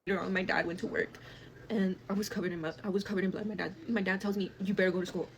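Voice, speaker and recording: A woman's voice: mid-range voice, little pitch movement, a little hiss or hum. A young woman telling a personal story in a storytime clip, emotional and profane, acting out what people said. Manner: fast, emotional, profane retelling with acted quotes. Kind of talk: storytime video.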